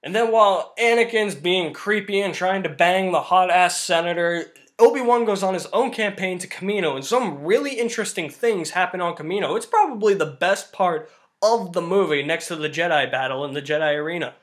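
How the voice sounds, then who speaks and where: A man's voice: sits high, brisk. A man giving a casual movie review in an exasperated, ranting manner.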